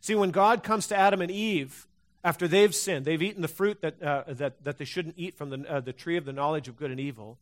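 A man's voice: on the high side, a little fast. A man preaching a sermon to a congregation, talking conversationally with frequent restarts and fillers. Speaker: pastor. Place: church hall before a congregation.

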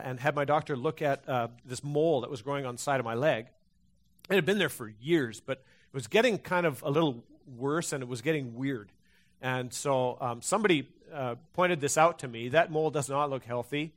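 A man's voice: mid-range voice, brisk. A man preaching a sermon to a congregation, talking conversationally with frequent restarts and fillers. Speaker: pastor. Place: church hall before a congregation.

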